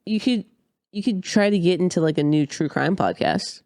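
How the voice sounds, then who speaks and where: A man's voice: high voice, animated, normal speed, darkish tone, no room sound. A man co-hosting a podcast, casual and laid-back with dry quips. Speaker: podcast co-host. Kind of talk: casual comedic podcast chat.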